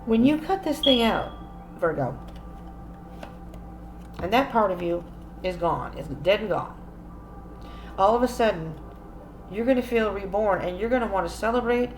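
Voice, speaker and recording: A woman's voice: mid-range voice, expressive, normal speed, pauses often. A woman giving a casual tarot reading, musing aloud and speaking straight to the viewer. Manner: chatty, musing aloud, addresses viewer directly. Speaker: tarot reader. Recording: roomy echo, faint ambient noise.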